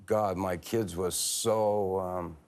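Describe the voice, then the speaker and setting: Deep-voiced man telling stories. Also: fairly even intonation, a little mellow. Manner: halting, many fillers and restarts. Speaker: guest, former hockey player. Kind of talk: candid interview storytelling. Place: TV studio.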